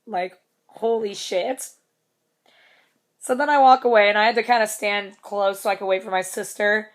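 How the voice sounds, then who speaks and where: A woman's voice: medium pitch, fairly even intonation, moderate pace. A young woman telling a story in a casual vlog, rambling, swearing casually and laughing between lines. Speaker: vlogger.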